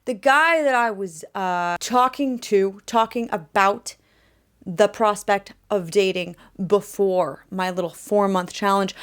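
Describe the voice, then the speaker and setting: A young woman speaks at a middle pitch in a candid, rambling vlog, recorded close to the mic in her bedroom. She talks chattily and keeps circling back with fillers and self-corrections. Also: fairly bright tone. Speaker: vlogger and musician.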